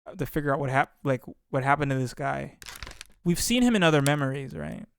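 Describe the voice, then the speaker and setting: A man with a mid-range voice hosts a let's play of a puzzle game, commenting casually and thinking aloud at a brisk pace in rambling sentences that keep restarting. Music plays in the background, and there's a little hiss or hum.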